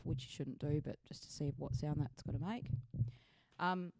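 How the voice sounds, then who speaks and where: A woman's voice: sits low, steady tone, fairly quick, mellow. A woman, a singer, chatting casually and a bit self-deprecatingly while demonstrating microphones in her home recording setup. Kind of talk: casual demo talk. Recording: echoey room, faint noise.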